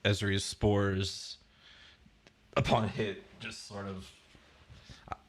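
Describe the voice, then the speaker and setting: Low, slow male player, halting, thinks out loud. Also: level tone. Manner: hesitant, thinks aloud. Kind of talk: casual tabletop play.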